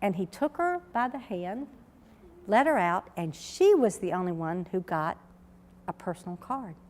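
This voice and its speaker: A woman's voice: medium pitch, big pitch swings, unhurried, a little mellow. A woman, giving an emphatic, story-driven conference talk as a researcher. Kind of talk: conference keynote speech. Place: large conference hall. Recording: reverberant lecture hall.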